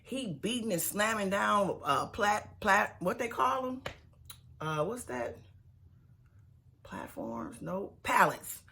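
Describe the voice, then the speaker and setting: A woman's voice: medium pitch, expressive, slow pace, creaky, bright, forceful tone. A woman, casually recapping a reality show with sassy, mocking asides and bursts of laughter.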